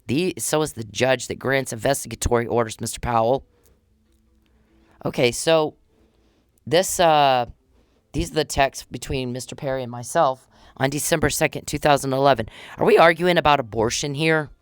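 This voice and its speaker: A woman's voice: extremely low pitch, moderate pace, clear, resonant tone, dry recording, clean studio sound. Blunt, profane woman ranting. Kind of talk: angry monologue addressed to an official.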